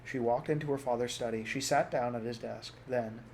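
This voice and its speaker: A man narrating a storybook aloud in a soft, measured reading voice. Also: medium pitch, steady tone, slight background noise. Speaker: audiobook reader.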